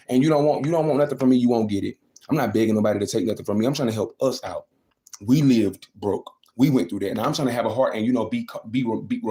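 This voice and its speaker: A man's voice: mid-range voice, mellow. A young man venting emphatically and repeating himself on a casual livestream. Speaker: livestreaming vlogger.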